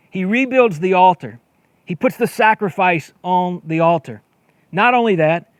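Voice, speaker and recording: In a recording with no room sound, a pastor with a high voice preaches, reading from scripture and then recounting it in a chatty manner. He gets excited enough to repeat words, raising his voice to act out the lines he quotes.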